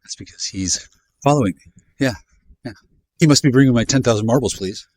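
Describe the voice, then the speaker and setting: A man in his fifties vlogging outdoors, rambling in a profane, sardonic way with sudden jumps in pitch. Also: a little fast, a little mellow, no room sound. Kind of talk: rambling monologue while walking. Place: outdoors in a neighborhood.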